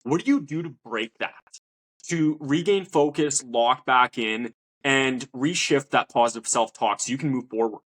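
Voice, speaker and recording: A man's voice: medium pitch, unhurried, fairly bright tone. A man hosting a podcast, a mental performance coach who talks in a motivational, coaching way. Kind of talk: interview talk.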